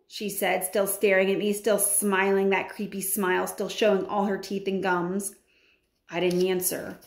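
A woman reads a children's story aloud with lively expression, stopping now and then for chatty asides. Her voice sits at a middle pitch and rings in a roomy, echoey space. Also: a little slow. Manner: animated, adds chatty comments. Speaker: teacher reading aloud. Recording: roomy echo.

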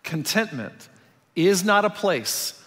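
A man delivers a sermon in a large church auditorium, and his voice sits fairly high. He acts out little quotes, jumping up loud and then dropping to a near hush. The sound rings with the long reverb of a big hall. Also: slow pace. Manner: animated storytelling, acts out quotes with big swings from loud to hushed. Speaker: pastor.

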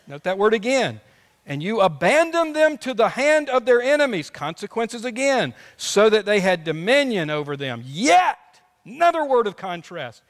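A male pastor preaching a sermon with passion, dropping soft and then rising to shouts. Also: high-pitched. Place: church sanctuary. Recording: long church reverb.

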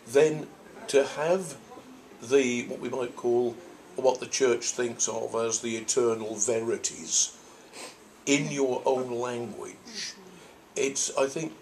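A man's voice: medium pitch, slow, darkish tone, slight background noise. An older man from Norfolk, a priest, answers audience questions in a thoughtful, rambling way with frequent restarts. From Norfolk, England. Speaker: priest and convention guest.

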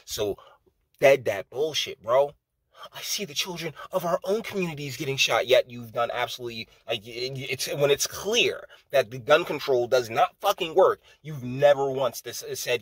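A man's voice: mid-range voice, normal speed, slightly rough, dry recording. A man hosting his own channel, ranting in political commentary with profane, scornful heat.

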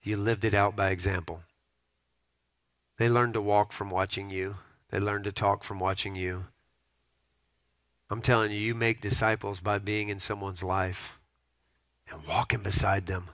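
A man's voice: on the low side, steady tone, a little slow, long pauses, fairly bright tone, no room sound. A pastor preaching a sermon to his congregation, telling stories and repeating pointed questions.

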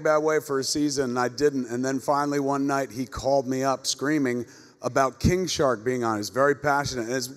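A middle-aged man moderating a convention panel, telling rambling, profane comic anecdotes to a live audience on stage. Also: medium pitch. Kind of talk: comedic storytelling to a live audience. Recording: echoey convention hall with long reverb.

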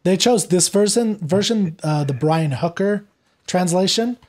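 Animated man retelling a play. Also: high-pitched, a little slow. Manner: animated, acts out quoted lines while retelling. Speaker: podcast guest. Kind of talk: conversational literary discussion.

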